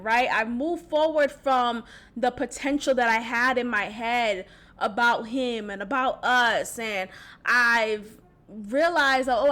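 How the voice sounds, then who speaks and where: A woman hosting a casual solo podcast, talking candidly in an animated, slangy way with frequent laughs. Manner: drops soft and low when voicing a text message. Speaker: podcast host.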